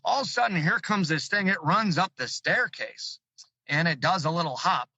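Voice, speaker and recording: A man from Chicago, a call-in guest, telling a personal story with vivid excitement, his voice climbing high as he relives the fear. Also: moderate pace, dry recording, dull audio.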